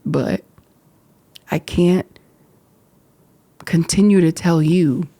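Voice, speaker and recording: A woman hosting her own podcast, speaking candidly and reflectively to the camera, emotional and halting at times. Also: on the low side, warm tone, no room sound. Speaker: podcast host. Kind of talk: candid personal talk to camera. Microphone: camera framing.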